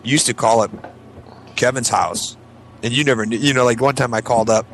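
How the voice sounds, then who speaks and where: A man's voice: medium pitch, fairly even intonation, brisk, gravelly, fairly bright tone, slight background noise, low-quality recording. A man co-hosting a casual podcast, telling stories and slipping into goofy acted voices. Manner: acts out silly voices while telling stories. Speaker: podcast co-host. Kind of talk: casual chat.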